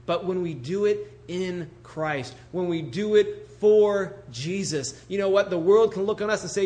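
Man, pastor, sermon, animated, rhetorical questions, slightly high-pitched voice. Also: unhurried, few pauses. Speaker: pastor planting a church.

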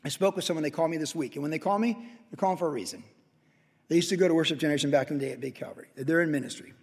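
A man's voice: on the high side, racing, breathy edge. A male pastor preaching a sermon with impassioned storytelling. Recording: long hall reverb.

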